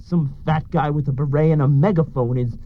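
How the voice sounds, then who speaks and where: A man's voice: on the high side, fairly quick, no room sound, close to an everyday voice. A man playing a sly, smug time traveler in a radio comedy, in a dull lo-fi recording. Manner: sly and sardonic.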